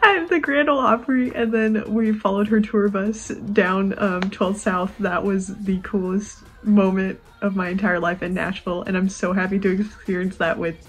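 A young woman with a husky, breathy voice records a birthday message for a friend. She sounds excited and gushing. Her pitch sits in a middle range. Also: normal speed, hardly any pauses.

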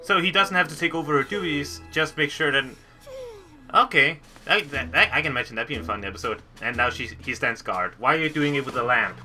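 A man giving excitable, joking first-watch commentary over a cartoon. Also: on the high side, a little fast, soft background music. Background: cartoon playing.

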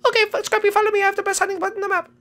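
A man voicing a high, squeaky, overly friendly game character. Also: little pitch movement, rapid-fire, sharp tone. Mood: chirpy.

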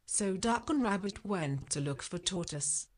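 A woman reading a children's picture story aloud in a slow, deliberate way for learners. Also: medium pitch, animated. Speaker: storybook reader.

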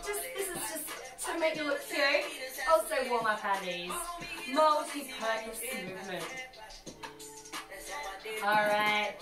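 A cheeky Australian woman with a bright, high voice leads a comedic workout while moving through the exercises, her sassy coaching bouncing along. She sounds a step away from the mic in a roomy space, with workout music thumping behind her. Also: animated, takes it slowly, long pauses, recorded from a distance. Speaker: fitness instructor. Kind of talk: comedic workout class livestream.

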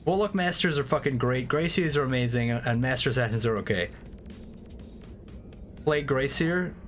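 A man livestreaming a strategy game, chatting casually and excitably with frequent swearing and rambling asides. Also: medium pitch, moderate pace. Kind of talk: casual gameplay commentary. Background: faint game music.

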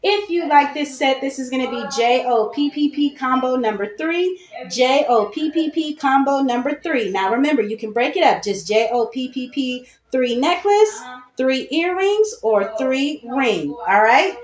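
A woman hosting a live online jewelry sale in a chatty, animated way, repeating key phrases and calling her viewers y'all. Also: sits high, normal speed. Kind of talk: casual live-stream sales talk. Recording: echoey room.

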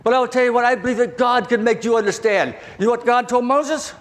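An older man from southern Virginia with a Southern accent, preaching a testimony sermon in a halting, folksy way that repeats words. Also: very high voice. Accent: Southern American. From southern Virginia, USA.

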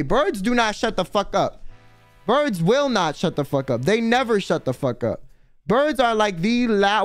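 A man's voice: sits high, fairly bright tone, no echo. A man hosting a casual livestream, rambling and profane, with heavy use of "like" and dramatic emphasis. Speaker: livestream host. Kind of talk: casual stream chat.

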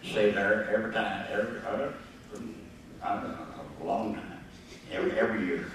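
A man's voice: on the low side, steady tone, fairly quick, a bit bright. An older man telling a rambling, folksy story to a live group, chuckling and acting out the voices of the people in it. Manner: chuckling, folksy, acts out the voices in his stories. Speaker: guest storyteller at a gathering. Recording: echoey room, voice from far off the mic, faint noise.

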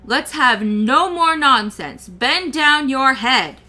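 A woman reader voicing a spirited, bossy elderly woman who scolds in a raised, forceful voice. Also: high voice, animated, slow pace, pitched above the performer's own voice, heavily acted.

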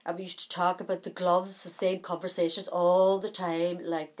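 A middle-aged woman talks casually to her camera with a somewhat low voice. She rambles from one thing to the next in a chatty, self-deprecating way. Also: little pitch movement, moderate pace, hardly any pauses. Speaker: vlogger.

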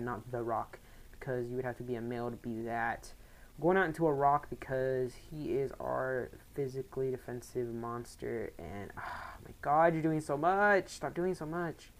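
Very low-voiced woman commenting on a game. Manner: rambling, excitable outbursts. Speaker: gaming commentator. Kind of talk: casual let's play commentary.

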